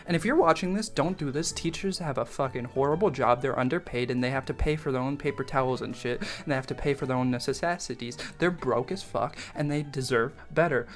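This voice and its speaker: A man's voice: medium pitch, brisk, hardly any pauses, faint music behind. A young man telling a story from his school days in a casual, rambling way, swearing freely, mocking himself and laughing often.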